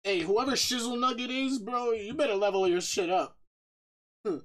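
A man streaming a game live, chatting casually, reading out viewer shout-outs, joking and laughing often. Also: very high voice, moderate pace. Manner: bursts of loud excited talk.

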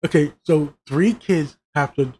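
A man's voice: fairly high pitch, unhurried, dark tone, slight background noise. Foul-mouthed man ranting about a show. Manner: swears constantly, exasperated, mock-quotes characters. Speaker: show reviewer. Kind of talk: profane ranting review.

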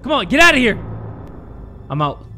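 A young man commentating a horror game, joking crudely and shouting in panic when chased. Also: extremely high pitch, moderate pace, a little hiss or hum. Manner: loud, excitable, crude jokes, shouting in panic. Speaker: gaming YouTuber.

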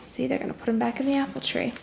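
A young woman reading a picture book aloud to children, with chatty, animated asides to her little listeners. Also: sits high, quick pace, gravelly, slight background noise. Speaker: children's storybook reader.

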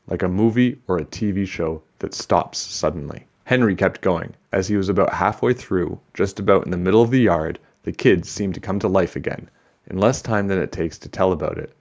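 A man reading a children's book aloud with steady, expressive storytelling. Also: low voice.

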